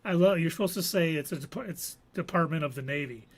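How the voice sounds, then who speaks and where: A man's voice: a little high, a little fast. A man co-hosting a casual live show, recapping an episode with playful puns. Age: adult veteran. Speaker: co-host. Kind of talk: casual podcast chat.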